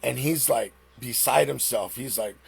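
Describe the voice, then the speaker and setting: Gravelly-voiced man retelling a story. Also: medium pitch, unhurried, a little hiss or hum. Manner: animated retelling, rambling restarts. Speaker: live-stream host. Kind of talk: casual storytelling.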